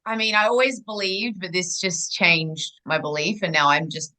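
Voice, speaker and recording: A young adult woman, a guest in a casual interview, telling a personal story in a rambling, animated way full of restarts. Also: fairly low pitch, normal speed, poor audio.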